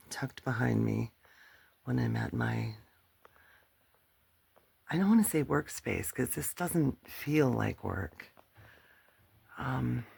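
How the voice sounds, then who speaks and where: A woman's voice: a bass voice, creaky, a little mellow, husky. An older woman chatting casually to her viewers from a cluttered home workspace, rambling and poking fun at herself, audibly worn out. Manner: rambling, chatty, self-mocking. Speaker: channel host. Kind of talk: casual talk to camera.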